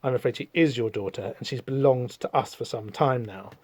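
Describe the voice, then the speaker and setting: A man voicing a cold, sinister aristocratic male villain who speaks in a slow, measured, contemptuous way. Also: mid-range voice, darkish tone, dry recording, pitched below the performer's own voice, lightly acted. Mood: menacing.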